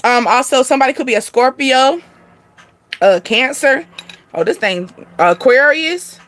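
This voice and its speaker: A woman's voice: sits high, expressive, measured pace, a bit bright. A woman giving a casual, chatty astrology reading to her viewers, laughing often and swearing casually. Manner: chatty, laughs often, sings and acts out snippets. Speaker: spiritual reader.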